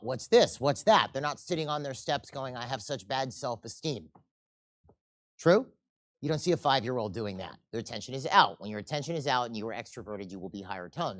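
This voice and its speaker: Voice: mid-range voice, dry recording, clean studio sound. Casual seminar presenter quizzing the audience. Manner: casual, asks the audience questions, tells anecdotes. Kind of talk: conversational seminar lecture.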